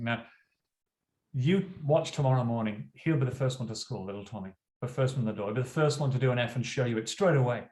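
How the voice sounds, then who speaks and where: A man's voice: mid-range voice, fast, darkish tone. A man in his forties, a teacher and school principal, telling classroom stories in an earnest, conversational way during an interview. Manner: earnest, storytelling, acts out classroom dialogue. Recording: echoey room.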